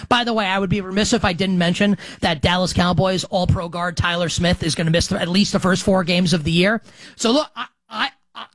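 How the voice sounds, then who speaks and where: A man's voice: high voice, fairly bright tone, no echo. A man in his thirties hosting a sports radio show, delivering a brash, emphatic monologue with jokey asides.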